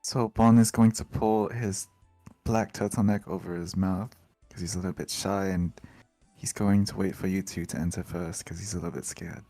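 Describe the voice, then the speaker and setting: A man's voice: low voice, fairly even intonation, normal speed, mellow, dry recording, faint music behind. A man playing a tabletop game, talking through his moves hesitantly with many fillers. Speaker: player. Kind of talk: tabletop role-play.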